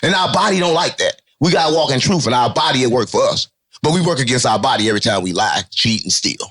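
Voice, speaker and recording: A man giving an interview in loose, unfiltered street talk, animated and joking, cursing and repeating his catchphrases. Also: mid-range voice, fast talker. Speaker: interview guest.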